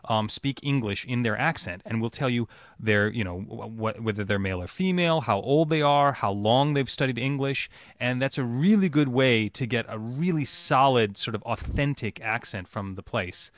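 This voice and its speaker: A man who is a voice actor answers fan calls in casual chat, thoughtful and relaxed, with many ums and uhs, over a webcam video chat. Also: medium pitch, normal speed, few pauses, no echo.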